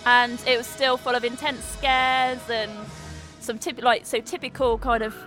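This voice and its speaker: A woman's voice: on the high side, level tone, a little slow, sharp tone, rough recording. An enthusiastic woman with a slightly raised voice reviews the attraction, leaning on "really". Faint music plays in the background. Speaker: guest reviewer. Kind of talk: casual review.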